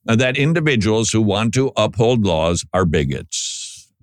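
Male commentary host, low voice, dry studio sound, emphatic and sarcastic delivery. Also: animated, a little slow, no echo. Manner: sarcastic, emphatic, stammers when reacting. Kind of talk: political commentary monologue.

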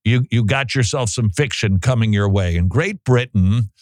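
A man's voice: on the low side, normal speed, darkish tone, no room sound. A man hosting a talk show, giving sarcastic, mocking commentary with laughing asides. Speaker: host.

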